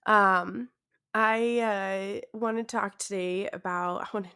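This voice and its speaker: A woman's voice: medium pitch, fairly even intonation, slow, sharp tone, smooth. A tired young woman hosting her own podcast in casual chat, awkward and self-deprecating, laughing often and trailing off into fillers. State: tired, yawning. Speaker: podcast host.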